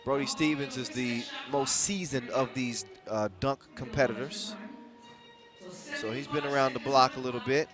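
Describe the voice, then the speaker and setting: A man giving energetic live commentary at a basketball event, casual and full of slang. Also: medium pitch, normal speed, over music.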